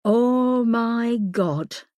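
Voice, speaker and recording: A woman reading the lines of a sharp, anxious female team leader in an audiobook. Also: fairly high pitch, extremely slow, dry recording, clean studio sound, voice pushed up. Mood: alarmed. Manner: impatient, emotional.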